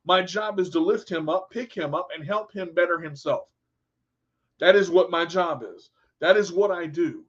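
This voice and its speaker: A man's voice: high voice, unhurried, fairly bright tone, lo-fi sound. Earnest rambling male radio host. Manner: earnest, rambling with repeated words. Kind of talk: motivational monologue.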